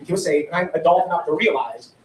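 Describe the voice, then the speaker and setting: A man's voice: on the high side, fast talker, crowd noise. A man from Ohio doing a stand-up comedy set, rambling through his stories and laughing often at his own lines. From Ohio, USA. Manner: rambling storytelling with frequent laughs. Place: comedy club stage with audience. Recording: roomy, distant live venue recording.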